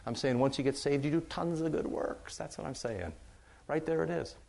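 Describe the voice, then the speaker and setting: A man's voice: a little high, normal speed, creaky, darkish tone. A man preaching to his congregation in a loose, conversational way, often repeating phrases for emphasis. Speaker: pastor. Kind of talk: sermon.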